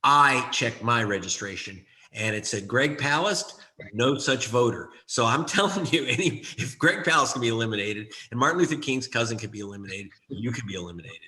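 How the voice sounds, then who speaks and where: Impassioned man with a bright, forceful voice. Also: mid-range voice, expressive, fairly quick, hardly any pauses. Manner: impassioned, emphatic, repeats key phrases. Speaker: author and investigative journalist. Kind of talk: interview guest.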